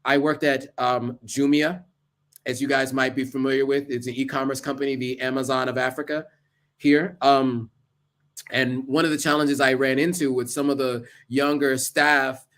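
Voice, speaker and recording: A man's voice: medium pitch, flat delivery, normal speed, fairly bright tone. A man giving earnest, casual advice to camera, listing tips with asides along the way. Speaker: vlogger.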